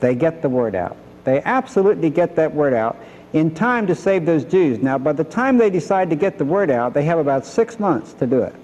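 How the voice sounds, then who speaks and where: A man's voice: a little high, expressive, brisk, a little mellow, in a large hall, a little hiss or hum, poor audio. An older man teaching a Bible lesson, retelling the story and acting out the characters' lines.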